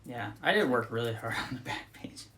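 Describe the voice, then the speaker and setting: A man from California co-hosting a casual chat, making wry, deadpan jokes. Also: medium pitch, fairly quick, a crowd in the background. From Redding, California. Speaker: co-host.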